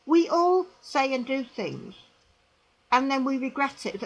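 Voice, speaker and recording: Animated, high-voiced woman preaching her view. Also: slow, long pauses, low-quality recording. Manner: emphatic, repetitive, tag questions to the viewer. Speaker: religious commentator. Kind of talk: religious commentary monologue to camera.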